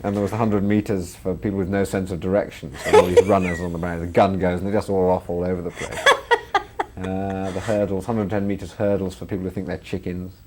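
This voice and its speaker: A man's voice: low voice, flat delivery, fairly quick, heavy background noise. A man, a comedian and filmmaker chatting in an interview and laughing through his stories. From England. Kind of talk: interview anecdotes.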